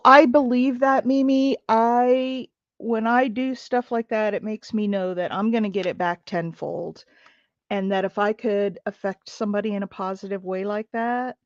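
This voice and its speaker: A middle-aged woman hosts a crafting livestream, chatting and rambling with plenty of fillers while she works. Her voice has a gravelly edge, sitting in a middle register. The sound is dry and a little dull, like a home setup. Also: medium pitch, no room sound. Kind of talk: casual storytelling while crafting.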